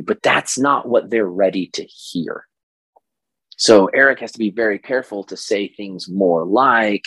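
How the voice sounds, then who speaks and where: A hoarse man from Oklahoma hosting a casual solo podcast as a coach, energetic and stammering on repeated words. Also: on the low side, a little slow, no echo, low-quality recording. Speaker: podcast host and business coach.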